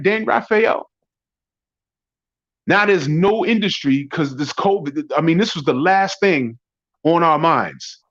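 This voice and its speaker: High-voiced man ranting, profane and mocking. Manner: loud, profane, mocking, rambling. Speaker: podcast host. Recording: dull lo-fi audio.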